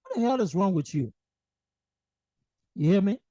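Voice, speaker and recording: A furious political host speaking on a livestream, voice pitched in an ordinary middle range. The delivery is emphatic and profane, full of repeated rhetorical questions. The sound is close and dry, with no room around it. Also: very animated, moderate pace, dark tone, no echo, muffled recording. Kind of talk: angry political monologue. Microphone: livestream microphone.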